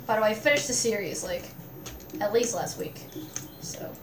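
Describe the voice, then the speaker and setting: A woman's voice: mid-range voice, lively intonation, moderate pace, background noise. A young woman gaming streamer giving casual gameplay commentary, full of profane, bemused running reactions. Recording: roomy, distant mic with loud game music.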